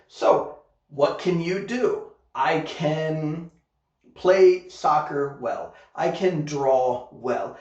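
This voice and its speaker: A man's voice: a little high, darkish tone. A man teaching an online English grammar lesson, modeling example sentences carefully and checking in with "okay?" as he goes. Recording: echoey room, dull lo-fi sound.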